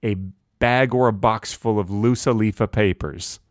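Deadpan man spinning absurd claims. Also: lowish voice, a little slow, dry recording, studio quality. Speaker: podcast co-host. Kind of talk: improvised comedy banter.

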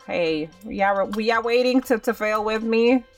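A woman's voice: a little high, moderate pace, distant mic, faint music behind. A young woman doing casual game commentary, chatty and dramatic, talking straight to her viewers while she plays. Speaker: gaming channel host.

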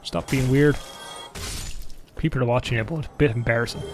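Soft music plays behind a young Irishman streaming a game solo from his room. He speaks at normal speed in a steady, mid-range voice while joking and rambling to his chat.

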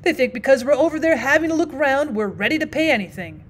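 A woman's voice: sits high, lively intonation, fast talker. A woman voicing a feeble, tearful old man who pipes and quavers in a thin voice as he chats on. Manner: piping, quavering.

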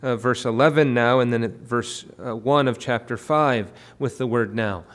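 A man preaching a sermon at a midweek prayer meeting, often pausing with fillers and repeated words. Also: medium pitch, fairly bright tone. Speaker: pastor. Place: church.

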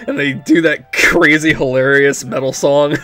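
A man's voice: a little high, steady tone, unhurried, bright, forceful tone, soft background music. Giggly rambling young man commenting. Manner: rambling, frequent "like", giggly laughing fits. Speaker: let's play commentator. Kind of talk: casual gameplay commentary.

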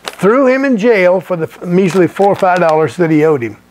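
A man's voice: sits high, lively intonation, moderate pace, a little mellow, a little hiss or hum. A middle-aged male pastor teaching a sermon in a folksy, conversational way, chuckling and restarting his sentences.

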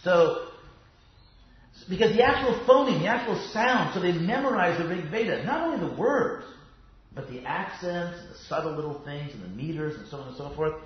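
A man's voice: sits high, animated, normal speed. A man teaching a casual class on yoga philosophy, chatty and digressive with many fillers and restarts. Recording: roomy, dull sound.

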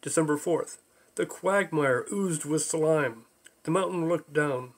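A man with a slightly raised voice reads his own comic audiobook aloud. His delivery is dry and deadpan, rolling from one absurd line to the next without pausing for laughs. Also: fairly high pitch. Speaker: author reading his own book. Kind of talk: audiobook narration.

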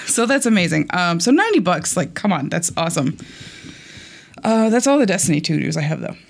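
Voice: medium pitch, sing-song, fairly quick, vocal fry. A casual podcast co-host chatting through gaming news, with frequent ums and casual swearing.

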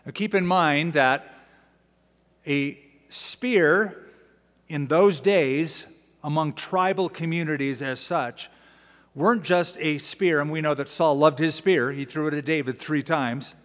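A male pastor delivering an expository sermon in a slightly raised voice, full of lively asides and acted-out readings. The long reverb of a large church sanctuary trails after each phrase. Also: on the high side, a little slow. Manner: animated storytelling, asides and dramatic readings.

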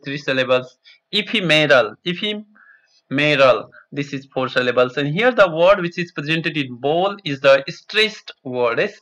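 A man with a Nepali accent teaching a textbook lesson, explaining terms and repeating words slowly for students. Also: a little high, bright, forceful tone, low-quality recording.

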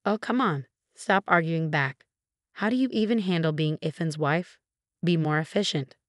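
A woman's voice: low voice, normal speed, no room sound, studio quality, close to an everyday voice. A woman reading the lines of a bossy, scolding older mother-in-law in a story. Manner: scolding, shameless.

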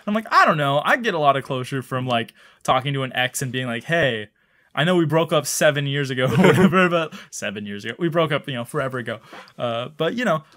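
A man's voice: mid-range voice, expressive, fast talker, a bit bright. A young man co-hosting a comedy advice podcast, reading listener letters and joking around with plenty of swearing. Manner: jokey, reads listener letters, profane. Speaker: podcast co-host.

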